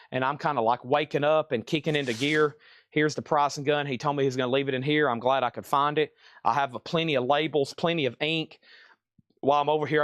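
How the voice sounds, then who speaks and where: A man chats his way through a live sale stream, rambling and narrating his own tasks while a little winded. His voice sits on the higher side. It sounds close and dry, with no room around it. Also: a bit bright, no room sound. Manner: rambling, talks to himself as he works. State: out of breath. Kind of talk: casual live-stream chat.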